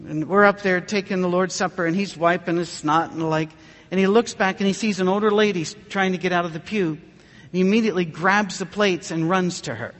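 High-voiced pastor telling a story. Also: male voice, steady tone, a bit bright, long reverb tail. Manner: earnest, conversational storytelling with emotional pauses. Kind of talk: sermon storytelling.

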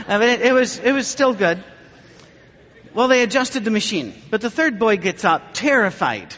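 A man's voice: high-pitched, expressive, moderate pace, pauses often, fairly bright tone, big-room sound. A man preaching a humorous sermon, telling stories in a dry way and acting out the people in them. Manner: dry storytelling with mock dialogue.

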